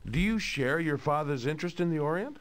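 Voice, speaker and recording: A man's voice: fairly high pitch, expressive, a little fast, natural voice. An actor playing a polite, cheerful male explorer and collector in a video game, with a genteel old-fashioned manner. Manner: polite, genteel 1930s storyteller.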